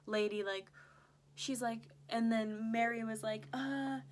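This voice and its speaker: A woman's voice: a little high, slow pace, a little hiss or hum. A young woman vlogger chatting through a story, full of "like" fillers and quoted back-and-forth. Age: young adult. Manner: chatty, animated retelling with many "like" fillers. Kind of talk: casual storytime vlog.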